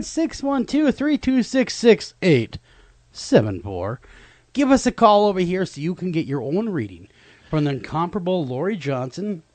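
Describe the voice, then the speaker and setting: Lively, enthusiastic male radio host. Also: high-pitched, no echo. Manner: enthusiastic, effusive. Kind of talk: radio talk show hosting.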